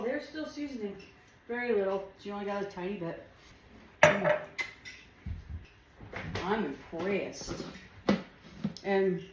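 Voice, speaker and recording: In an echoey home kitchen with faint household noise, a woman vlogger with a fairly low, slightly mellow voice cooks and tastes food. She chats casually, rambling from one thought to the next.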